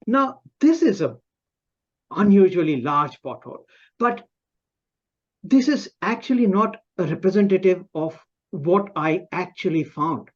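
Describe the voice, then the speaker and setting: Guy telling a funny story about himself on a video call, takes it really slow, little muffled sound. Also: high voice, expressive. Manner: self-mocking, with pauses and restarts. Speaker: club speaker. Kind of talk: humorous personal storytelling speech.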